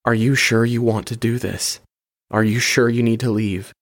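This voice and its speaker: A man voicing a worried young pregnant wife who pleads softly in a story podcast. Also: extremely low pitch, fairly even intonation, moderate pace, no echo, studio quality. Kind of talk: audio drama short story.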